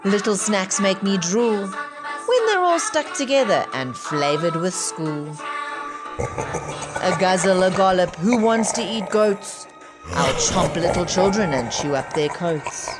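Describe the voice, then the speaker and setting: A woman voicing a hungry, greedy male troll in a storybook read-aloud, speaking loudly and relishing his food. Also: medium pitch, expressive, slow. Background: music.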